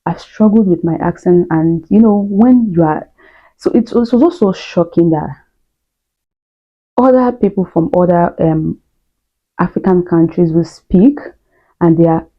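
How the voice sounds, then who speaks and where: Nigerian-accented young woman vlogging, lowish voice, kinda dull lo-fi sound, chatty and candid. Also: measured pace, long pauses. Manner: candid, chatty, many fillers and restarts. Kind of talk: casual talk to camera.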